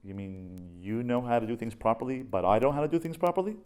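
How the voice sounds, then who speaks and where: A man voicing his middle-aged wife as easily offended, asking hurt, hushed questions. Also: medium pitch, animated, fast talker, natural voice. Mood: indignant.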